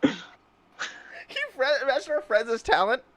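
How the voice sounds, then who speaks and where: A man with a very high-pitched, sharp voice and big pitch swings speaks a little slowly. As host of a casual chat, he rambles through tales, giggles constantly, and plays out silly imagined lines while laughing through his words.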